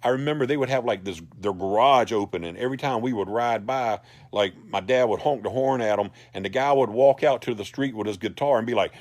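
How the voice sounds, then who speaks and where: A man, animated and rambling as he tells a personal story to a group. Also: medium pitch, brisk, hardly any pauses, dry recording. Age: 40s. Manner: rambling, animated, laughs through his lines.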